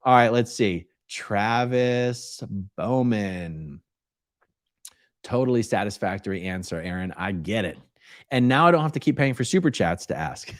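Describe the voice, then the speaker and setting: A man's voice: fairly low pitch, expressive, measured pace, no echo, clean studio sound. A man hosting a casual live-stream Q&A, reading viewer questions aloud and answering them at length in a conversational way.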